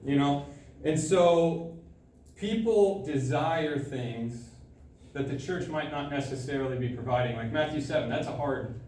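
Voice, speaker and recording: A young man giving a sermon to a student group, telling a personal story in a casual, animated way with frequent laughter. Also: on the high side, measured pace. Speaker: student speaker. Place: large room at a student gathering. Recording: echoey room, from far off, faint noise.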